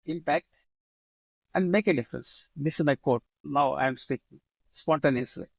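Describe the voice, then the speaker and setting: A man with an Indian English accent, a guest speaking spontaneously in an interview, repeating his motto and pausing often with fillers. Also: on the high side, creaky, no echo, low-quality recording. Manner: repeats his slogans, halting with many fillers. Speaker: guest, leadership author.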